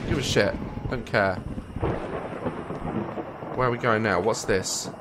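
A young English man giving jokey, swearing commentary while playing a horror game, with loud startled yelps. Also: lowish voice, slow, heavy background noise. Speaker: gaming YouTuber. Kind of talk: let's play commentary.

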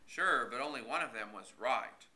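A man's voice: medium pitch, animated, moderate pace, pushed and bright, low-quality recording. A man voicing an easygoing rural man who answers in dry, laconic folksy talk. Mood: teasing.

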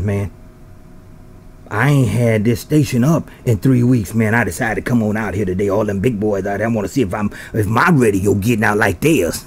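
A man's voice: medium pitch, fairly quick, darkish tone, slight background noise. A man chatting over a CB radio, calling out in a sing-song, rhyming patter with catchphrase sign-offs. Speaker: CB radio operator.

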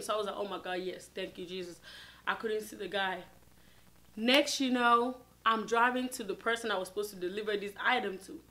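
A woman with a bright, forceful voice tells a story to her viewers in a storytime vlog. She talks casually and animatedly and keeps dropping filler words. It sounds like relaxed, everyday chat to camera. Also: mid-range voice. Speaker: vlogger.

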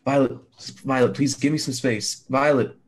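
A man's voice: mid-range voice, steady tone, moderate pace, natural voice. A man playing an overwrought surfer mourner. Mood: emotional. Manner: dramatic, gasping, overly emotional, sings off-key. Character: emotional young male surfer mourner. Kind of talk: improvised comedy scene.

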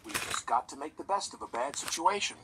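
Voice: mid-range voice, animated, fairly quick, background noise, voice pushed up, close to an everyday voice. A narrator voicing a kindly, encouraging male engine driver. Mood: gentle. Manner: encouraging, firm. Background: music.

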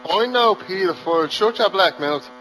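A man's voice: sits high, lively intonation, normal speed, fairly bright tone, rough recording. A man in online game voice chat, mocking and jeering with short jabs. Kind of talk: heated game chat argument.

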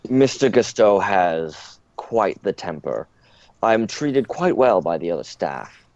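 Deferential manor butler, played by a man, formal, low voice, dry and dull lo-fi sound. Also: very animated, slow pace, darkish tone, no echo, full character voice. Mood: polite. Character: polite male butler of a manor.

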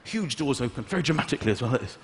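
A man doing stand-up comedy on stage, animated and acting out voices, shouting punchlines. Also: medium pitch, racing. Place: large hall with audience. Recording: echoey live hall, audience laughter.

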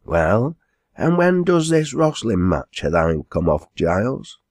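A man voicing a sturdy, hurried quarryman who speaks bluntly in a broad Lancashire dialect, in an audiobook. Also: fairly low pitch, sing-song, darkish tone, no echo, voice pushed up.

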